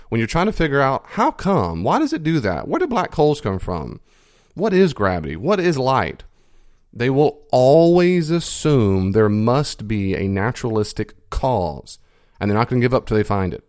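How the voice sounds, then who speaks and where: A man with a lowish voice hosts a podcast in an explanatory lecture style. He leans hard on stressed words, drawing some out slowly and repeating key phrases for effect. His pitch jumps sharply upward when he drives a point home. The recording is close and dry. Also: no room sound. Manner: lively swings in pitch for emphasis. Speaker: podcast host.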